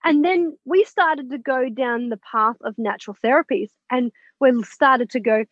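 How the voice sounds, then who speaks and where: A high-voiced woman speaks at normal speed with few pauses as she's interviewed about her work as an author and mentor. Telling her story casually, she animatedly plays out the lines of people involved and swears bluntly at times, over dull, dry lo-fi audio.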